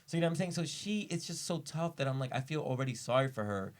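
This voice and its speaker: A man from the Dominican Republic hosting a casual podcast chat, telling animated stories and acting out quotes. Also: mid-range voice, quick pace. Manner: animated storyteller, acts out quotes. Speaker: podcast host. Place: studio with cameras.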